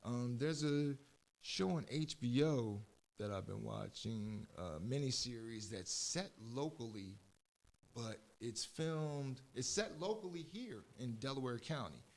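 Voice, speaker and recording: A man's voice: medium pitch, expressive, a little slow, gravelly. A man with a Philadelphia-area accent hosts a casual talk radio show, chatting in a loose, rambling way. He keeps stopping to correct himself mid-sentence, and his voice sits in an ordinary middle range. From southeastern Pennsylvania.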